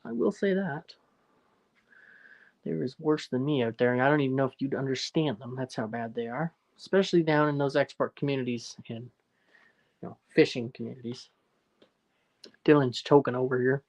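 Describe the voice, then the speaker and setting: A man's voice: medium pitch, moderate pace, long pauses, darkish tone. A man with a Newfoundland accent hosting a casual livestream, reading out viewer comments and rambling jokily with frequent laughter. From Newfoundland, Canada. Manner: rambling and jokey, laughs often. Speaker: livestream host.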